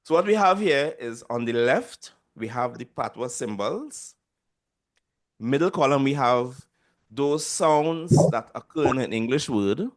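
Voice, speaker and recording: A man's voice: medium pitch, animated, unhurried. A man with a Trinidadian accent teaching a language class over a video call, patiently repeating sounds for students to echo. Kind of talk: online class instruction.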